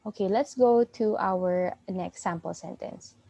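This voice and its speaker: A woman's voice: mid-range voice, unhurried, gravelly, warm tone. A woman with a Filipino accent teaching a beginner Japanese class online, explaining patiently step by step with many fillers. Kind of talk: online language lesson.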